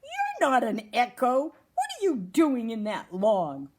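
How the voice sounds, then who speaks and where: A woman voicing a gentle, squeamish young male muskrat in a children's storybook reading. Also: a little high, huge pitch swings, slow pace, slight background noise, exaggerated voice. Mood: earnest. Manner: friendly, fussy about food.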